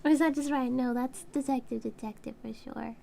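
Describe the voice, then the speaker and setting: A woman's voice: high voice, fairly even intonation, brisk, gravelly, mellow. A woman hosting a casual game dev livestream, playful and affectionate, teasing her partner and greeting her viewers.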